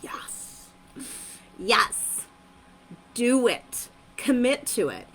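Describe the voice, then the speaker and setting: Upbeat woman host of a motivational stream, bright lively voice, emphatic repeats. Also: on the high side, drawn-out words, a little hiss or hum, poor audio. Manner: upbeat, emphatic, repeats phrases, laughs often. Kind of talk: live-streamed motivational talk.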